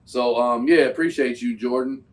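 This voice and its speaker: A man hosting a reaction video, speaking casually with loose, slangy, animated talk. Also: medium pitch, moderate pace, recorded from a distance. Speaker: host reacting to a trade video.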